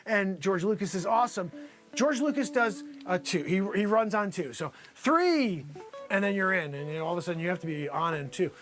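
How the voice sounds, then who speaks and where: A man's voice: animated, moderate pace, faint music behind. A man hosting an improvised comedy show, parodying a news anchor and riffing on his guests with loose, teasing banter. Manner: breaks into high-pitched fits of laughter, shouting.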